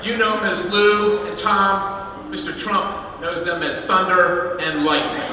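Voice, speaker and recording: A man's voice: high voice, level tone, unhurried. A man giving an emphatic political rally speech, repeating each phrase, recorded from far off in an echoey hall. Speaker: rally speaker introducing guests. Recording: echoey hall from far off, loud crowd and noise.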